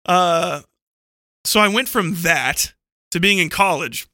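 Man, podcast talker, profane rambling anecdote, lots of "like", very bright tone, dry close sound. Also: sits high, slow, dry recording. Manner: profane, digressive storytelling with frequent laughter; heavy use of "like" and self-corrections. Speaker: book club podcast panelist.

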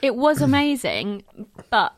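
A woman's voice: sits high, a little slow, no room sound. A woman co-hosting a podcast, chatting casually and peppering her speech with "like.". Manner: relaxed, chatty with frequent "like" fillers. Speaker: podcast co-host. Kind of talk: casual chat.

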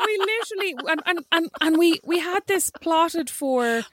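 A woman's voice: very high-pitched, lively intonation, normal speed, a bit bright. A woman co-hosting a podcast, chatting and telling stories, often breaking into laughter. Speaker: podcast co-host. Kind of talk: casual chat.

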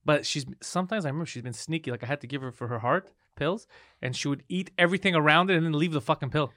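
Male comedy co-host, quick and bright, teasing, dry close mic. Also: fairly high pitch, no echo. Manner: teasing, quick jokes, swears freely. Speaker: podcast co-host. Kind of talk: casual comedy podcast chat.

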